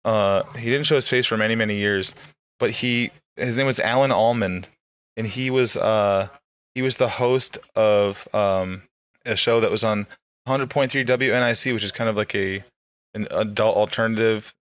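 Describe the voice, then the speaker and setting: A man's voice: on the low side, normal speed, a bit bright. A young man from co-hosting a podcast, rambling through crude casual banter with lots of swearing and laughter. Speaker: podcast co-host.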